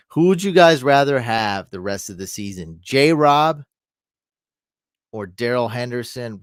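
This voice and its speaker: A man's voice: mid-range voice, no room sound, clean studio sound. A man giving casual fantasy football advice on a live stream, thinking aloud and answering questions from the chat.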